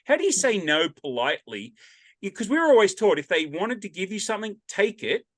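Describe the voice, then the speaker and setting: A man's voice: sits high, big pitch swings, a little fast, dry recording, clean studio sound. A man with an Australian accent hosting a casual interview, rambling and joking as he drifts off on tangents, speaking over a video call. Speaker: podcast host. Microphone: video call headset.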